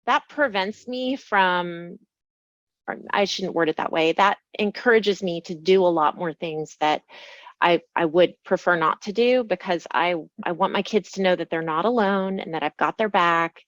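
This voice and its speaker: A woman's voice: on the low side, normal speed, no room sound, lo-fi sound. A woman who is a podcast guest, talking in an earnest, chatty way. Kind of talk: casual conversation.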